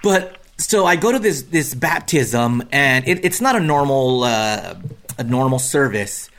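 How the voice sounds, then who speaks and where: A man in an easygoing podcast conversation, with a voice of ordinary middle pitch. He jokes a lot and slips into brief mimicking voices when telling a story. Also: animated, a bit bright. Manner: joking, mimics others with quick put-on voices. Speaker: podcast co-host. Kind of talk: casual chat.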